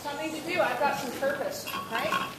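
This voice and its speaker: A woman's voice: high-pitched, a little fast. A woman presenter leading an interactive talk with teenagers, upbeat and asking the class questions. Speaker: workshop presenter. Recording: echoey room, faint noise.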